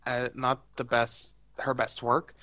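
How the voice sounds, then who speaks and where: A young man talks in a loose, rambling way, full of fillers and strong opinions. His voice is bright and a little tense. The sound is dry and close, with no room around it. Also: medium pitch, monotone, slow, no echo. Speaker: podcast co-host. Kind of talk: casual chat.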